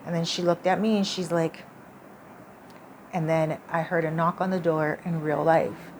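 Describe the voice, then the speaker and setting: A woman's voice: low-pitched, steady tone, moderate pace, a little hiss or hum. A woman vlogger telling a personal story in a chatty, casual way, full of "like" and "you know".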